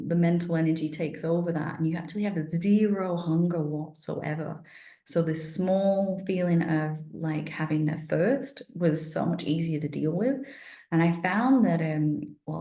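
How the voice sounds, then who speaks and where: A woman's voice: low-pitched, dark tone, reverberant. A middle-aged woman casually recounting a personal experience, chatty and rambling, with many fillers and restarts, sounding thirsty and dry-mouthed. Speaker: wellness vlogger.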